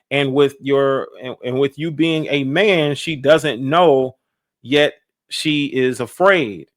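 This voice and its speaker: A man's voice: mid-range voice, a bit bright. A man hosting a live-stream reaction podcast, talking emphatically in a preachy way, repeating phrases and asking his listeners "right?".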